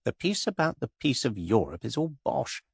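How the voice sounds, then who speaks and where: A breezy young society woman, witty and lightly mocking, spoken softly with lively rises and dips, as a male audiobook narrator voices her. The voice is husky and close, in a dry space. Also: mid-range voice, normal speed, dry recording, full character voice. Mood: teasing. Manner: airy, teasing, softly amused.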